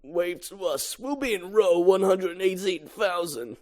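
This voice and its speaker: A reader voicing a proud middle-aged father bee, speaking slowly and fondly. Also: medium pitch, animated, a little mellow, lightly acted.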